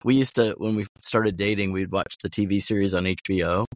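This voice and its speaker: A man's voice: low voice, fairly even intonation, a little fast, dry recording, studio quality. A man who works as a voice actor, a guest in a casual chat, ranting bluntly with sardonic, profane jokes.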